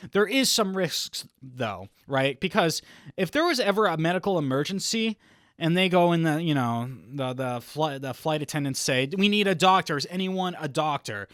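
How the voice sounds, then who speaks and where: Young man, comedy podcast host, rambling deadpan bits, fairly high voice, bright forceful tone, dry close sound. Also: dry recording. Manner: rambling deadpan jokes, laughs at his own lines. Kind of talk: comedic solo podcast monologue.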